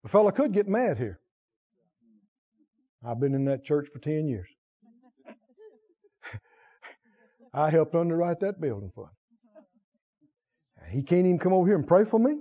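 A man preaching a sermon in call-and-response style, repeating lines and swinging from hushed to loud. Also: a little high, big pitch swings, moderate pace, pauses often. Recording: dull lo-fi recording.

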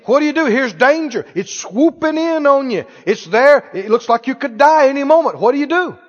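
A man preaching a sermon, animated, asking the congregation questions and acting out scenes. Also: extremely high pitch, moderate pace. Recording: reverberant church hall, dull lo-fi sound.

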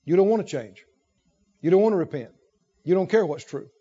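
A man preaching a sermon with animated, rhythmic repetition and emphatic phrasing. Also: sits high, brisk, slightly rough, lo-fi sound.

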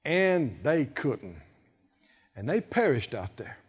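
A man preaching a sermon, acting out the people in the story and swinging from quiet talk to shouting. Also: mid-range voice, sing-song, slow pace, husky. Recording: dull lo-fi sound with long hall reverb.

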